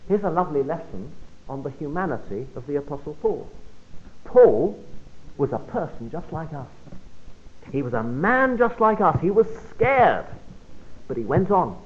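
Man preaching a Bible study, fairly high voice, dramatic quiet drops, narrow phone-like audio. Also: moderate pace, pauses often, slight background noise. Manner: expressive, emphatic delivery with sudden drops to quiet.

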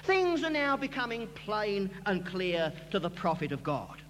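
A man with a very high, lively voice preaches emphatically, swooping up and down as he presses each point home. His words ring out with a long reverb through a large hall. A faint hum sits underneath. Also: a little slow. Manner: emphatic, rising and falling delivery. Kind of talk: expository sermon.

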